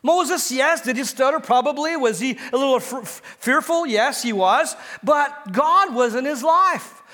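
High-voiced male pastor preaching in a hall. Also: animated, measured pace, pushed and bright. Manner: storytelling, asks the congregation questions; builds to emphatic exhortation. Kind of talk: sermon. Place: church sanctuary.

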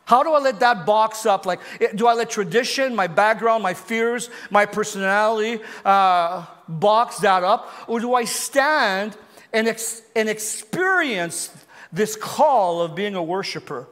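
A preaching man with a notably high voice, delivering a sermon with lively, searching questions to his congregation. His words ring out with a long reverb, as in a large hall or church. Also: unhurried. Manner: animated preaching, asks the crowd questions, repeats words. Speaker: pastor.

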